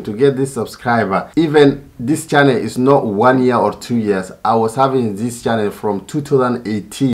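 A man talking casually to his viewers, frustrated, repeating himself and calling them "guys". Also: medium pitch. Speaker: YouTuber. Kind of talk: casual vlog talk to viewers.

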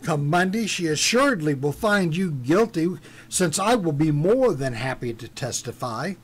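A man doing a calm, firm deputy. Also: on the high side, slightly rough. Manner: calm, measured. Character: calm firm small-town male deputy.

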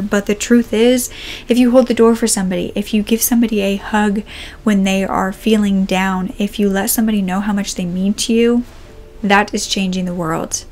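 A woman hosting a true crime channel, speaking a sincere, heartfelt message straight to her viewers, a little emotional, with some phrases trailing off soft and near-whispered. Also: medium pitch.

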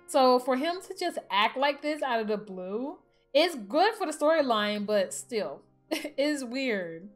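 A woman giving casual let's-play commentary, chatty and excitable, talking to her game characters as she plays. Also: high voice, takes it slowly, faint music behind. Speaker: gaming channel host.

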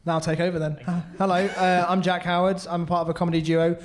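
A young British man, a comedy vlogger, talking loudly and jokily on a radio panel. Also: high-pitched, level tone, quick pace. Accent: British English. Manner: loud, jokey. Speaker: guest vlogger. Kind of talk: casual radio panel talk.

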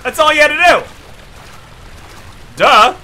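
A man's voice: high voice, very animated, normal speed, sharp tone. A man streaming a horror game, screaming often and blurting silly minced curses between goofy play-voices. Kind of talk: live gameplay commentary.

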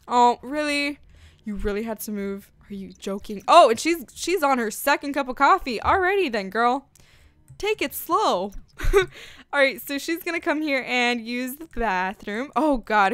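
A woman hosting a casual let's-play, chatting and gushing excitedly as she narrates her game. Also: a little high, smooth, dry recording. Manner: bubbly, gushing, chatty with lots of "like" and "freaking". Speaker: gaming channel host.

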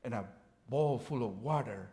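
A man's voice: medium pitch, normal speed, warm tone. A man preaching as a guest preacher, retelling scripture in casual modern phrasing and chuckling now and then. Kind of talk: sermon.

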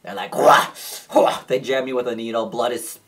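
A man vlogging to camera, telling a personal story in a casual, profane, animated way and acting out the dialogue. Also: medium pitch, fast.

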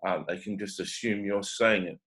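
A man with a New Zealand accent giving a halting, unscripted prophetic reading, full of pauses and fillers. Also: fairly low pitch, steady tone, fairly bright tone, rough recording. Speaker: prophetic teacher.

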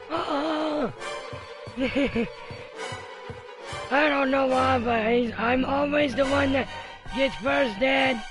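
A man with a very high voice talks slowly through his gameplay, laughing a lot and tripping over fillers. He gets excited fast as he calls out to his teammates. Game music plays clearly behind him. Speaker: gaming streamer. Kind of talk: live game commentary with teammates.

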